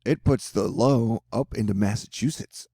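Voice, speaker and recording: A Texan man chats his way through tropical storm forecasts in a dark, gravelly voice, cracking odd jokes as he goes. The sound is dry and close, like a home setup. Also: fairly low pitch, normal speed, no echo. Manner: joking, rambling, offbeat asides. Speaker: weather video host. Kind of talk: casual storm-tracking commentary over forecast maps.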